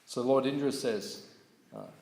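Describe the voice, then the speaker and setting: A man giving a morning scripture class at a temple, telling stories lively and checking in with his listeners. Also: mid-range voice, a little slow, vocal fry. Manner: lively storyteller, asks audience questions, laughs. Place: temple hall. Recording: echoey hall recording.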